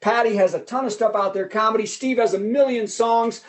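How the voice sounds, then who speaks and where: A man's voice: sits high, fairly even intonation, a little fast. A man hosting a virtual comedy show over a video call, joking and laughing as he introduces the acts. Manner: jokey, laughing between lines. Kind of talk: casual emcee patter.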